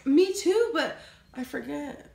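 A woman vlogger with a raised, bright voice and a gravelly texture chats loosely through a couple Q&A. She reads viewer questions with a giggly, offhand manner. The roomy echo of the space hangs around her voice. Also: sits high, expressive, takes it slowly, noisy background. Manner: chatty, giggly, loose phrasing. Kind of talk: casual couple Q&A chat.

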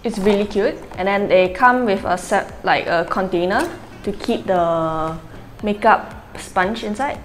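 Chatty young woman vlogging. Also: medium pitch. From Malaysia. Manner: chatty, rambling, many fillers. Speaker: beauty vlogger. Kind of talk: casual chat.

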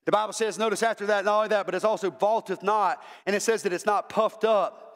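A man's voice: high voice, fairly even intonation, fast, big-room sound. A male pastor preaching an impassioned sermon, repeating words as he builds to emphatic calls. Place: church sanctuary.

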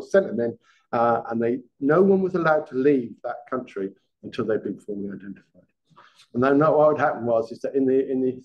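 Man, former detective, guest lecturer, conversational, quizzes the audience, mid pitch, muffled lo-fi recording. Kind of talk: masterclass talk to a live audience. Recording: dull lo-fi sound.

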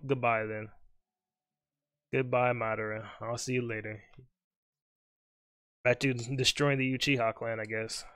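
A young man casually commenting on his own live game, joking and talking to his opponent. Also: mid-range voice. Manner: joking, talks to the opponent, quick mutters. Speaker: streamer.

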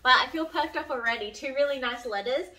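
A woman, vlogging at home and sounding a little emotional and sniffly. Her voice is bright and a touch high, and she speaks softly, then jumps into excited bursts. She is recorded a little away from the mic, with faint noise behind her. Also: a little fast, recorded from a distance. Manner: soft-spoken and chatty, with bursts of excitement. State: runny nose, emotional. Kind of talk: casual home vlog, reading fan mail aloud. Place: home studio, indoors.

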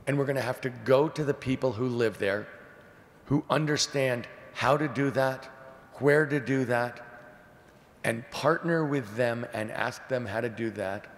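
A man in his sixties, a presidential candidate answering questions at a forum in an earnest, measured way. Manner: earnest, measured, repeats key phrases. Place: large hall at a public forum. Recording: echoey hall, faint rumble.

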